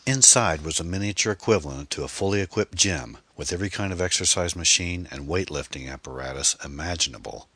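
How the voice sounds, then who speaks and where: A man reading a mystery novel aloud as audiobook narrator, measured and steady, on a close mic. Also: deep voice, slightly rough, no room sound.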